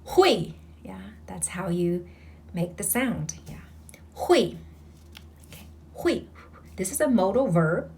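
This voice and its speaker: A woman's voice: medium pitch, slight background noise. A woman tutoring Mandarin, patiently demonstrating each sound and coaxing the listener to repeat after her. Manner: breathy whispered demonstrations of sounds. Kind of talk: slow, patient language lesson.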